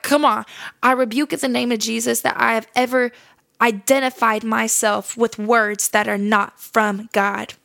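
A young woman hosting a faith podcast, telling a personal story in a casual, animated, slangy way with frequent laughs. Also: medium pitch, vocal fry, no room sound, clean studio sound. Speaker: podcast host.

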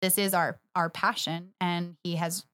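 A woman's voice: on the low side, little pitch movement, measured pace, a bit bright, dry recording. A woman co-hosting a church podcast, chatting casually, laughing often and agreeing emphatically. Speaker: podcast co-host, church next steps director. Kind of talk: casual chat.

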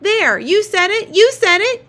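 A woman reading aloud and voicing a stubborn little boy who argues back in a shrill, indignant way. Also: lively intonation, moderate pace, fairly bright tone. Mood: shrieking. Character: stubborn shrieking little boy, younger brother.

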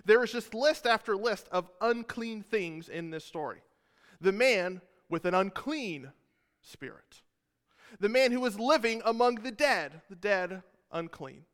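A man's voice: sits high, lively intonation, unhurried, fairly bright tone, smooth, in a large hall. A man preaching a sermon as a pastor, retelling scripture in a casual way with joking asides to the congregation.

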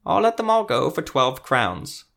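A man's voice: mid-range voice, sing-song, a little slow, vocal fry, a bit bright, exaggerated voice. A man voicing a sly, chatty woman bookseller in an audio story, with a raised, wry delivery. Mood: businesslike.

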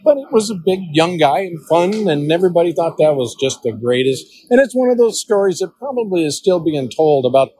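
An older man talks in a slightly higher register than most men. He tells his stories in a homespun, folksy way, like a range master chatting with an interviewer. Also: lively intonation, fairly quick, hardly any pauses, dark tone, husky, no echo, low-quality recording. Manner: folksy storyteller who acts out the voices of people in his stories. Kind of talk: storytelling interview answers.

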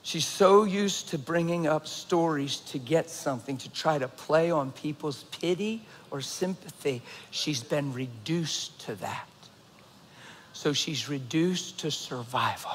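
A man preaching a sermon as a pastor, telling a story with loud excited bursts and hushed earnest stretches. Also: fairly high pitch, a little slow, slight background noise. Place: large church hall. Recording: reverberant church hall.

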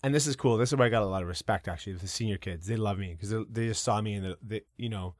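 A man telling personal stories as a guest in a casual interview. He talks in an animated way, with a lot of fillers and some casual swearing. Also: on the low side, rapid-fire, dry recording, clean studio sound. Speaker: podcast guest. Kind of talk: casual storytelling.

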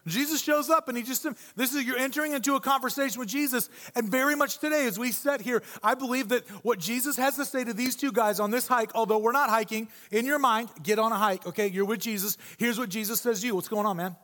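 A man with a high voice preaches a lively, joking sermon in church. His talk is chatty and animated, and the sound carries the long reverb of a large hall. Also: fast, few pauses. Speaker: pastor.

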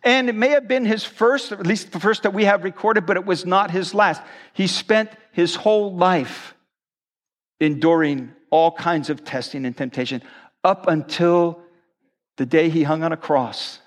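A man's voice: high voice, unhurried. A male pastor preaching a sermon at a church service, conversational and earnest.

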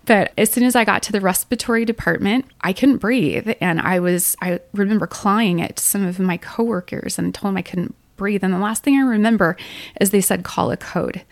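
A woman's voice: medium pitch, moderate pace, creaky, no echo. A middle-aged woman, a podcast co-host, telling a painful personal story in earnest detail. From Utah. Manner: earnest, emotional retelling with quoted dialogue.

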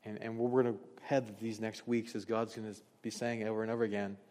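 A man's voice: lowish voice, level tone, quick pace, a little mellow. Middle-aged male pastor, candid sermon. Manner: conversational, candid storytelling. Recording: long reverb of a large hall.

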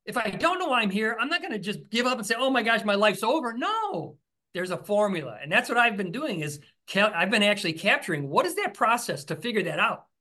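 Guy being interviewed about his book, bright forceful voice, keen storyteller, keeps restarting sentences. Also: high voice, very animated, fairly quick. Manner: enthusiastic, storytelling, frequent restarts. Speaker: author and podcast host, interview guest. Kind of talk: conversational interview.

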